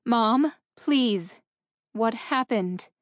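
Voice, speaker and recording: A woman's voice: fairly high pitch, animated, very slow, no room sound. A middle-aged woman going through a divorce, plain-spoken and direct, read by the audiobook's narrator. The voice is close and dry. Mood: pleading.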